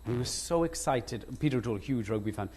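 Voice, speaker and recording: A Welsh actor in an on-stage conversation, telling lively anecdotes with frequent laughs and restarts. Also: male voice, medium pitch, quick pace, breathy edge. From Wales. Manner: animated anecdotes, laughs often, self-interrupting restarts. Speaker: guest actor. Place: lecture stage before an audience.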